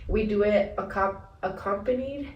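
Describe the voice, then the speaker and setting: A young woman co-hosting a relaxed podcast, animated and quick to laugh, with casual swearing. Her voice sits at a middle pitch. It comes through with room echo, a little away from the mic, over a faint hiss. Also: recorded from a distance, muffled recording. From Mexican-American family. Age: young adult. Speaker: podcast co-host. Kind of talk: casual chat. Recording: roomy echo, voice a bit off-mic, faint noise.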